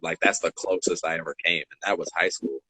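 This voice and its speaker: A man in his twenties co-hosting a podcast, telling stories in a casual, animated way and acting out the dialogue. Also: sits low, fairly quick, breathy edge, no room sound, poor audio. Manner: animated, acts out dialogue, laughs between lines. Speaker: podcast co-host. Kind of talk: casual storytelling chat.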